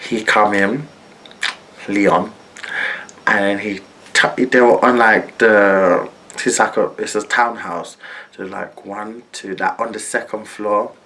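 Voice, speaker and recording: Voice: deep voice, fairly even intonation, slow, long pauses, pushed and bright, a little hiss or hum. A young adult telling a storytime vlog, acting out every quoted person. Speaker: vlogger.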